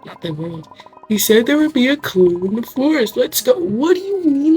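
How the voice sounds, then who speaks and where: Very animated and husky yet warm, a young woman's somewhat high, scratchy voice carries her let's play commentary on a horror game at a normal speed. She jokes, mocks herself, and giggles in asides over faint background music.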